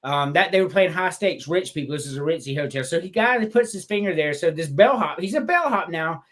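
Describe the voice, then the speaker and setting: A man on a casual podcast retells comedy scenes with gusto. His voice sits high and he bursts into loud acted-out lines. He swears freely as he talks. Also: fairly quick. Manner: animated, swearing, acts out quotes in loud voices. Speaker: podcast co-host.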